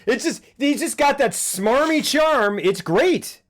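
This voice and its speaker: A man's voice: very high-pitched, animated, slow pace. A man co-hosting a casual movie podcast, joking and slipping into impressions. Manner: joking, slips into impressions and puns. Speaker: podcast co-host.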